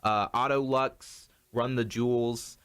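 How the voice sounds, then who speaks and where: A man's voice: mid-range voice, slow, clean tone. Young man hosting a casual music chat. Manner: relaxed, hesitant, many restarts and laughs. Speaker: podcast host.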